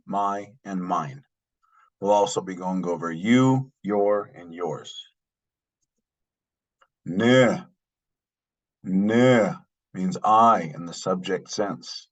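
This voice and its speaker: A man teaching a language lesson, carefully saying each phrase twice and then explaining it. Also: low voice. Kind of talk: slow spoken language lesson. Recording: dull lo-fi sound.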